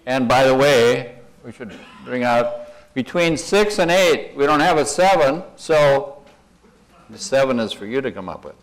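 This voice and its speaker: Older male conference speaker with a mid-pitched voice, folksy and rambling, self-deprecating humor. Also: expressive, a little slow, rough recording. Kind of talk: conference talk, guided imagery. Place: conference room.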